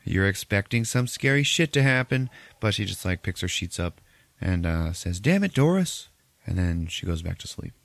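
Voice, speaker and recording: A man's voice: low voice, fairly even intonation, moderate pace, vocal fry, a bit bright, no room sound. A man hosting a podcast, recapping a movie in a loose, profane, rambling way with frequent laughs. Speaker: podcast host.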